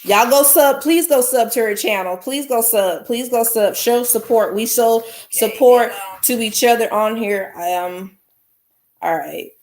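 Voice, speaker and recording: A woman's voice: on the high side, measured pace, darkish tone. Effusive woman hosting a livestream. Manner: effusive, repeats exclamations, addresses viewers as y'all. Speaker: livestream host. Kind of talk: casual livestream chat.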